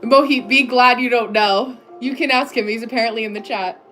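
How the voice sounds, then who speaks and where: Brisk and a bit bright, her slightly high voice keeps a fairly even intonation over soft background music. She's an American woman hosting a casual stream from her home desk, chatting loosely with viewers amid many "like" fillers and frequent laughs.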